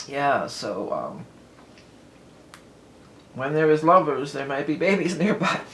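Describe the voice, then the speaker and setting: A woman's voice: low-pitched, very animated, slow pace, fairly bright tone, roomy sound, low-quality recording. A talkative woman lays out a tarot reading in a loose, rambling way, laughing lightly as she drifts between tangents. Her voice rings around a reflective room, with a faint hiss of background noise underneath. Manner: chatty, rambling, laughs often. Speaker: tarot reader.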